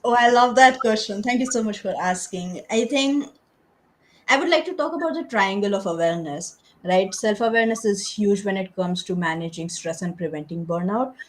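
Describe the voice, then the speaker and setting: A woman's voice: medium pitch, normal speed, rough recording. A woman guest speaker, a stress coach, answering interview questions in an earnest, reflective storytelling way.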